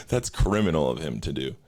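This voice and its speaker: A young man hosting a podcast, telling a profane story in a loose, ranting way and jumping up high when he quotes himself. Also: animated, measured pace. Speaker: podcast host. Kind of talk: casual rant.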